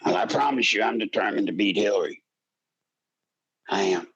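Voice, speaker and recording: An older man hosting a political talk radio show, speaking with a gravelly voice in an impassioned, pleading monologue that rises into shouts. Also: fairly low pitch, normal speed, lo-fi sound.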